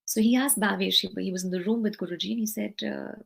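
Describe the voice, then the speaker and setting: Earnest woman, gravelly voice. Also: medium pitch, steady tone, fast. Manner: earnest, heartfelt, acts out quoted dialogue. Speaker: guest sharing devotee stories. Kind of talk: personal storytelling.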